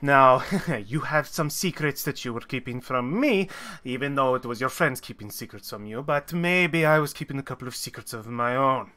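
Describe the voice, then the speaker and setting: Guy doing a stressed smuggler captain woman, bright voice, scolds everyone. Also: mid-range voice, lively intonation, moderate pace, hardly any pauses. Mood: exasperated. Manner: scolding, exasperated. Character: stressed female smuggler ship captain, sharp-tongued.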